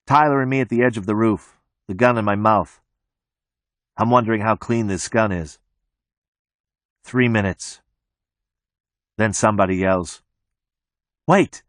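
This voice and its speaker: A man narrating an audiobook in the first person, with a flat, detached delivery. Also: lowish voice, no echo, clean studio sound.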